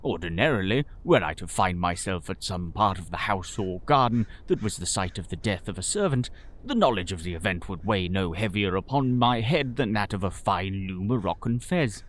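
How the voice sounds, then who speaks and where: Low-voiced man in pompous storytelling. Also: expressive, moderate pace. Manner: pompous, florid Victorian gentleman's tone. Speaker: storyteller and sole voice actor. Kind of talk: scripted audio drama narration.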